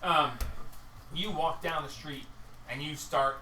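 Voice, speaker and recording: A game master narrating a tabletop game, telling the scene with animated delivery and shouting out the lines of the people in it. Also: medium pitch, takes it slowly, slight background noise. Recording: echoey room, mic at a distance.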